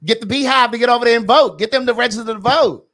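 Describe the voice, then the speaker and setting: A man's voice: very high-pitched, fast talker, pushed and bright. A man co-hosting a podcast in casual chat, with a wry, chatty manner. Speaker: podcast co-host.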